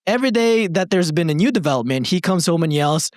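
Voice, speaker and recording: An animated young man co-hosting a podcast, his voice slightly high and full of swooping pitch. He reads a story aloud in a dry, close recording, then slips into loose, joking banter with friends. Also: quick pace, no echo. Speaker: podcast co-host reading stories. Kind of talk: reading aloud and casual chat.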